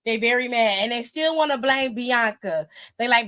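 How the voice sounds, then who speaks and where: A woman host giving a sassy, gossipy recap of a wrestling show in casual chat, retelling it with lively energy. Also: fairly high pitch, moderate pace. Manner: sassy, gossipy, exclaims "child" often; animated retelling with lively quoted voices. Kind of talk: casual chatty commentary.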